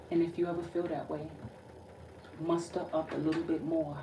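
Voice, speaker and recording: Deep-voiced and flat in delivery at a moderate pace, a female tarot reader conducts a casual reading while feeling uneasy and weak. She speaks emotionally to the spirit and to viewers, frequently stopping and restarting, captured with distant, roomy echo and background noise.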